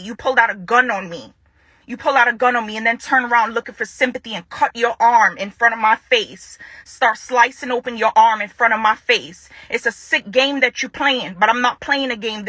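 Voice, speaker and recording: A woman's voice: on the high side, brisk, bright, forceful tone, no room sound. A young woman angrily confronting someone in an unscripted video statement, repeating lines for emphasis. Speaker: vlogger making a public statement. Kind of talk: unscripted direct-to-camera statement.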